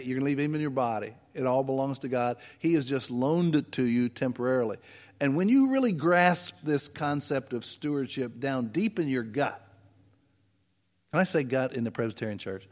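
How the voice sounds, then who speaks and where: A man's voice: mid-range voice, big-room sound. A man preaching a conversational sermon as pastor, asking the congregation rhetorical questions. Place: church sanctuary.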